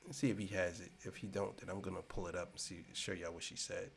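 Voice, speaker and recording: A man giving a casual commentary rant, repeating himself and swinging between loud and soft. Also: low voice, level tone, fast talker, gravelly, a little hiss or hum. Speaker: commentary channel host.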